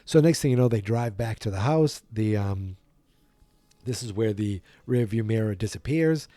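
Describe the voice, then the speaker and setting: A man hosts a podcast and casually retells a film from memory, rambling, correcting himself and yawning. His voice has a mellow, dark tone, recorded close and dry. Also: on the low side, lively intonation, moderate pace, no room sound. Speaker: podcast host.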